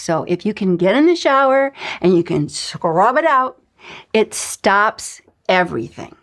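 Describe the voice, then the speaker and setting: A woman teaching a spiritual lesson in an emphatic, coaching way, sometimes dropping into breathy whispers. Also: mid-range voice, fairly bright tone. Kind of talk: recorded lesson.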